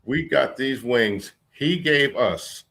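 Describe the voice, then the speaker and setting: A man guest in a casual interview, telling stories slowly and haltingly with restarts. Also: mid-range voice, creaky, fairly bright tone. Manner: slow, halting storyteller with restarts. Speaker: guest, former security man.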